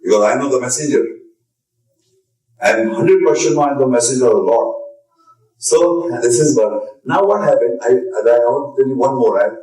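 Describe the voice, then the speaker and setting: A man's voice: mid-range voice, lively intonation, normal speed, mellow. A man giving a lecture and answering audience questions, talking in an insistent, repetitive and emphatic way. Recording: echoey room, voice from far off.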